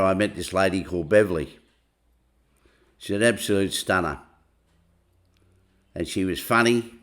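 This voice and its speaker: A middle-aged man casually telling a rambling personal anecdote, full of "I said, he said.". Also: deep voice. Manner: rambling, chatty retelling full of "I said, he said". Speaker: storyteller.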